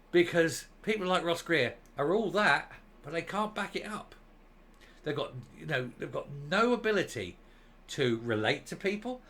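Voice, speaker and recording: Scornful older man, bright voice. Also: on the high side. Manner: scornful, mocking, rambling with fillers. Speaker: political commentary host. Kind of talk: ranting opinion monologue.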